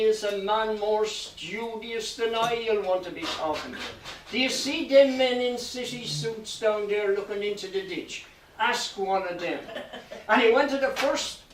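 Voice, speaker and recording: Male storyteller, high voice, lilting folk tale, echoey hall, distant mic. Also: fairly bright tone, a little hiss or hum. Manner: lilting nonsense-tale delivery with voiced exchanges. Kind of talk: live folk tale telling. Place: hall with a live audience.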